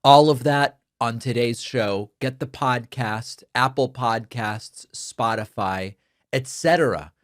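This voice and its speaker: A man whose first language is Spanish delivers an emphatic, argumentative political commentary monologue as host. His pitch sits in an ordinary middle range for a man, and the close, dry recording has almost no room sound around it. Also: takes it slowly, no room sound.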